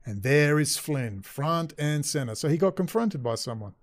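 A man's voice: fairly high pitch, expressive, normal speed, dry recording. Sweary man ranting, dry sound. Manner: profane, sarcastic, mocking. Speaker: political commentator. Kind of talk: ranting video commentary.

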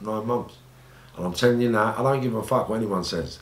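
A man's voice: a little fast, reverberant. A man with a London accent, a former gangster telling his life story bluntly and with lots of swearing in an interview. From England. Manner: blunt, sweary, re-enacts scenes in high pleading voices.

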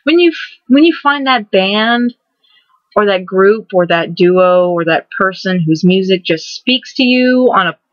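A woman's voice: mid-range voice, a little slow, dry recording. Rambling young woman vlogger, lo-fi. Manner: rambling, repeats and restarts words, excitable. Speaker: vlogger host. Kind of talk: casual vlog monologue. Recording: dull lo-fi dry recording.

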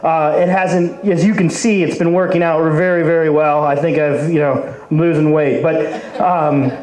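Man in his forties, stand-up comic, higher voice, echoey brewery room. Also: steady tone, normal speed, darkish tone. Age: 40s. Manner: rambling, lots of fillers and restarts, crude. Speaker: stand-up comedian. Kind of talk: stand-up comedy set. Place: brewery open mic stage.

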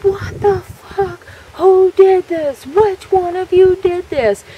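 A woman doing a furious shouting teen boy. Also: extremely high pitch, slow, distant mic, slight background noise, voice pushed up. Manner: shouting, accusing. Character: furious teenage boy, older brother.

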